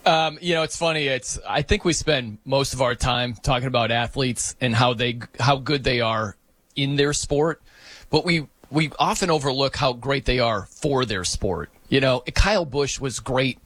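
A man hosting sports talk, animated and joking, laughing as he riffs on the news. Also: mid-range voice, normal speed, no echo. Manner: animated, joking, breaks into mock announcer voices. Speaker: sports radio host.

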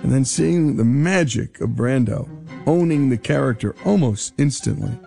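Male radio host, gravelly and mellow, emphatic, between segments. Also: mid-range voice, moderate pace, faint music behind. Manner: enthusiastic, emphatic. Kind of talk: broadcast commentary.

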